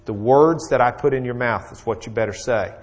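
God, as a man voices him in a retelling, speaks low and firm, warning sternly. The delivery is measured and commanding. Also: lightly acted.

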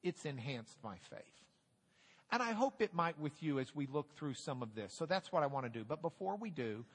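Animated man teaching a Bible class. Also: fairly high pitch, normal speed, husky. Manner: lively, jokey, animated letter drills. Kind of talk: casual church class teaching. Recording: hall reverb.

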